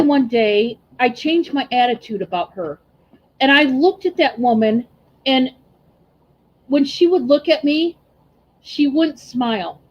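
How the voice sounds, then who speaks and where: Chatty woman telling a story, a bit high. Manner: chatty, animated, peppered with "you know" and "right?". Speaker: vlogger recalling waitress work. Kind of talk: casual storytelling monologue. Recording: slightly muffled lo-fi audio.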